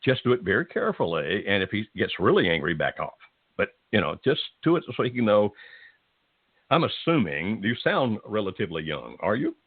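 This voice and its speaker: A man hosting a call-in show, giving gentle, reassuring advice at a calm, steady pace. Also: fairly low pitch, brisk, husky, dry recording, narrow, tinny audio. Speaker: radio advice host.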